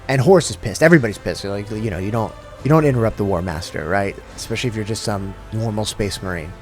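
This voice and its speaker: Deep-ish male voice over faint music. He recaps the plot in a loose, irreverent way, full of slang and swearing, like a friend telling the story. The delivery stays offhand and conversational throughout. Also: expressive, fast, hardly any pauses. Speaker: lore channel host. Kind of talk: casual comedic lore summary.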